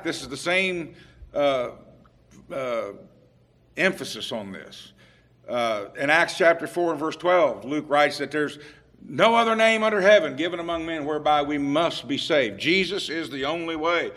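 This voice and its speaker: A man's voice: a little high, lively intonation, fairly bright tone. Emphatic male preacher, sermon delivery. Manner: emphatic, rising in volume on scripture quotes; unhurried, with fillers and restarts.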